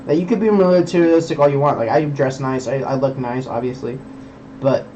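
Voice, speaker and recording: A man's voice: mid-range voice, brisk, warm tone, lo-fi sound, a little hiss or hum. A young man streaming, rambling in casual chat, swearing a lot and preaching about belief.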